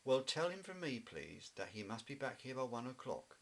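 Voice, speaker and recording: A man's voice: mid-range voice, sing-song, normal speed, vocal fry. A man voicing a proper, firm mother bear in a children's storybook reading. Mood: motherly.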